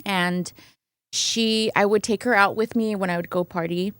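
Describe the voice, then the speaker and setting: A woman's voice: mid-range voice, normal speed, no echo. Woman retelling a story animatedly. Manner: animated retelling, acting out quoted voices, fillers like "right?". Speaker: guest. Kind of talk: conversational storytelling.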